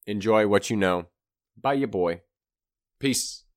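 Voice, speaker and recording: A man hosting his own podcast, talking casually in a relaxed, rambling way with restarts and soft asides. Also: on the low side, slow pace. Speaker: podcast host and rapper.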